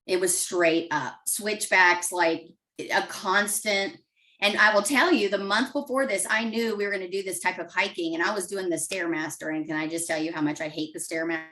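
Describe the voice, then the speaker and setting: A woman's voice: lowish voice, fairly even intonation, normal speed, sharp tone, recorded from a distance, low-quality recording. A middle-aged woman telling an open, heartfelt personal story as a guest. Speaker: guest client.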